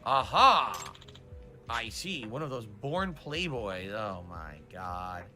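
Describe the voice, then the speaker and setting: A man's voice: lowish voice, takes it slowly, pushed and bright, soft background music. A man commenting on a video game as he plays it, sarcastic and profane, often reading the game's lines aloud in mocking voices. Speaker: streamer playing a video game. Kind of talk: casual gameplay commentary.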